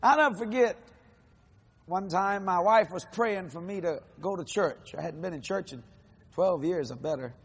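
A husky-voiced preacher in his sixties gives a testimony sermon. His voice sits high for a man, and he tells the story in an animated way, acting out the people in it. His grammar is folksy and casual. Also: moderate pace, in a large hall. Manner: animated storytelling, acts out quotes.

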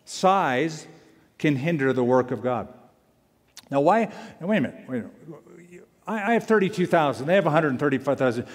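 A male pastor preaching a sermon, animated and emphatic, repeating key lines for weight. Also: a little high, normal speed, pauses often. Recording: long hall reverb.

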